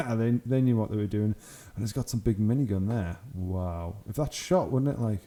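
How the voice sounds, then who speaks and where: A young man chats his way through hobby photos with plenty of laughs and easy enthusiasm. His voice is very dark and mellow and sits fairly low. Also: moderate pace. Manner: chatty, enthusiastic, laughs often. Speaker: channel host. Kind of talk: casual commentary on hobby photos.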